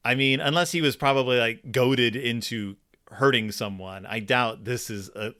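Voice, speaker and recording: A man's voice: medium pitch, fairly even intonation, normal speed, sharp tone. A man co-hosting a casual book discussion podcast, thinking aloud with plenty of fillers and restarts. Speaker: podcast co-host.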